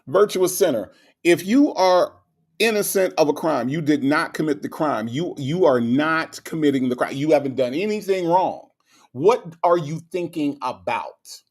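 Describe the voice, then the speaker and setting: A man's voice: a little high, lively intonation, moderate pace. Man giving mocking commentary. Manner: mocking, repeats words for emphasis. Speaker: channel host.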